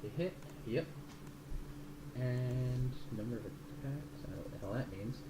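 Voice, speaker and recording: A man's voice: mid-range voice, moderate pace, heavy background noise. Rambling man running a tabletop game. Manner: rambling, muddled by the rules, casual swearing. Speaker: game master. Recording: roomy room sound.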